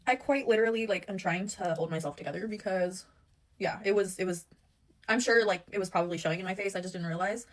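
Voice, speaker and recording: Young woman, casual storytime vlog, rambling and profane, mid-range voice, acts out the dialogue herself. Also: mid-range voice. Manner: rambling, profane, animated retelling with many fillers; acts out both sides of the argument in quoted voices.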